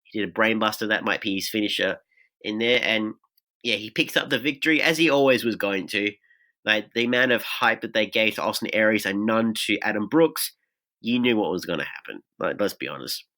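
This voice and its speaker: A man's voice: fairly low pitch, fairly quick, sharp tone. A man with an Australian accent, hosting a podcast and recapping wrestling in a chatty way, full of fillers and asides. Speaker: podcast host. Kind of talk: casual recap talk.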